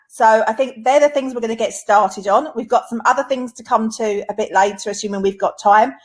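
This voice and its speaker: A woman with an Essex accent co-hosting a live webinar, calmly laying out what the session will cover. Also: on the high side. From England. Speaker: co-host of a live training webinar. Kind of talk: casual live-stream chat.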